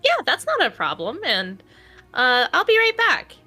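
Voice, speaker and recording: Woman tabletop player, high, bright voice, lively swoops, chirpy, faint music. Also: a little slow. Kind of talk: playing a tabletop game in character.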